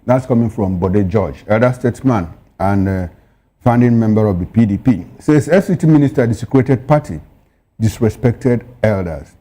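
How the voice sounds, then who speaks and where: A man's voice: on the low side, lively intonation, normal speed, mellow. A man co-hosting a newspaper review, reading headlines and dropping pointed, opinionated asides. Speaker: news show co-host.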